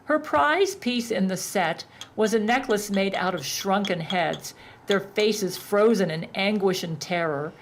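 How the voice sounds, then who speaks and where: A woman narrating a story in a deadpan reading voice. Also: mid-range voice, measured pace.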